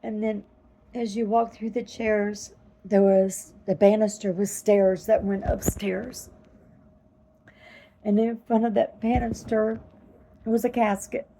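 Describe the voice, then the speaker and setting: A woman earnestly retelling a vivid dream in a slow, halting way, close to tears at times. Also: medium pitch, level tone, warm tone, slight background noise, poor audio. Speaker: vlogger telling a dream. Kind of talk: personal storytelling.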